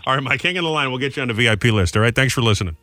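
Fast animated male radio host. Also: medium pitch, no echo. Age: 40s. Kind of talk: morning radio banter. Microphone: studio mic.

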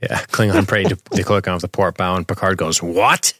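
Watching a movie from his home streaming setup, a podcast co-host riffs on it casually, swearing and laughing a lot. He speaks quickly in a low, fairly even voice with a fairly bright tone, and the recording is dry and studio quality.

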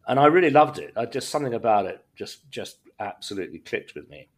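A man's voice: mid-range voice, expressive, quick pace. A middle-aged man, a podcast guest, tells a personal story in a rambling way, restarting his sentences often and adding wry humour. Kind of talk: casual conversational storytelling.

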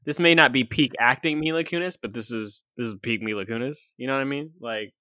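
A man with an average pitch and a dry, close recording, chatting on a movie podcast. He teases his co-hosts and throws in emphatic, incredulous asides. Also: a little fast, sharp tone, no room sound. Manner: playful teasing, emphatic asides. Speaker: podcast co-host. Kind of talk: casual chat.

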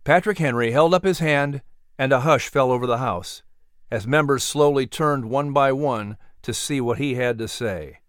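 A man narrating a historical story in a vivid, expressive storytelling manner. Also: mid-range voice, moderate pace, no room sound, studio quality.

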